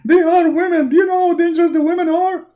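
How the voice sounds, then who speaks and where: A man voicing a panicky, whiny male prophet figure who pleads quickly and nervously. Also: steady tone, warm tone. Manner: fast, pleading, high-strung.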